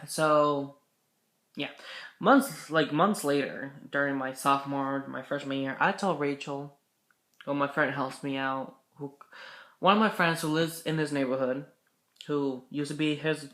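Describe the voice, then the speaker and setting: A man's voice: on the high side, steady tone, a little slow, fairly bright tone, roomy sound. A young man vlogger telling a story casually, rambling and correcting himself, swearing now and then.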